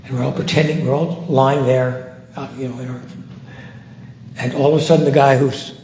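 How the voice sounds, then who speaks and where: An older man, a former civil rights volunteer, telling his story at a post-screening discussion, reflective and halting, with many restarts. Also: mid-range voice, little pitch movement, a little mellow. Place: large hall. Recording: echoey hall, faint noise.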